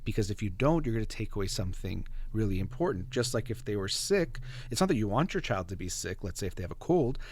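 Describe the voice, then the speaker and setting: A man calmly explaining psychology on a talk show, reflective and full of everyday examples. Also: on the low side, fast talker, hardly any pauses.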